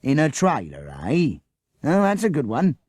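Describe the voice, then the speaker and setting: A man's voice: a little high, huge pitch swings, a little slow, darkish tone, husky, no room sound, studio quality, pitched above the performer's own voice, heavily acted. A man voicing a suspicious, sarcastic policeman who keeps jeering "eh?" at the people he has cornered. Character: suspicious sarcastic village policeman, male, middle-aged.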